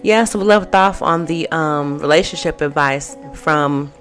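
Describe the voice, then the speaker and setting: A woman with a low voice hosts a casual vlog. She reads out advice and reacts with blunt, profane candor. She trails off into plenty of fillers as she goes. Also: unhurried, soft background music. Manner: candid and profane, with frequent fillers. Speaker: vlog host. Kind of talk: casual chat, reading out viewer advice.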